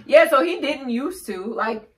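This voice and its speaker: A woman's voice: high voice, animated, unhurried. A woman co-hosting a casual chat, bluntly recounting what happened and swearing freely. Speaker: co-host.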